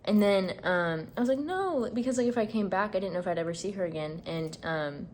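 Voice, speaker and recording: A woman's voice: on the low side, quick pace, darkish tone, slight background noise. A young woman vlogging indoors, rambling through a heartfelt story with lots of fillers. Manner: gushing, rambling with many fillers. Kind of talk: casual storytelling to camera. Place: indoors, packing up a room.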